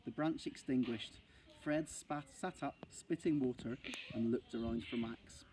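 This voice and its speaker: A male primary school teacher reads a children's novel aloud with steady, expressive storytelling. His voice sits at a middle pitch. Faint noise runs under the recording. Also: a little slow.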